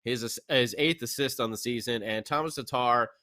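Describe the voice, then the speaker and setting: A man co-hosting a casual hockey recap podcast, talking in an animated, jokey way. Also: mid-range voice, normal speed. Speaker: podcast co-host.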